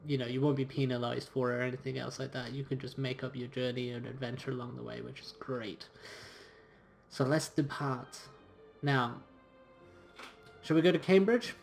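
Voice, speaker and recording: A man's voice: mid-range voice, vocal fry, slight background noise. Casual man narrating a story game. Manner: casual and chatty, with fillers and restarts. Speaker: game streamer. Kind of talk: let's-play commentary and reading game text aloud.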